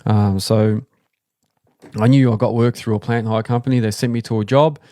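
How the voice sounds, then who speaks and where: A man's voice: mid-range voice, normal speed, dry recording. An Australian man hosting a live stream, casually telling stories about starting his business, rambling with fillers and acting out what people said. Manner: relaxed, rambling, acts out quoted people. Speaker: host, excavation business owner. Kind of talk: casual livestream storytelling.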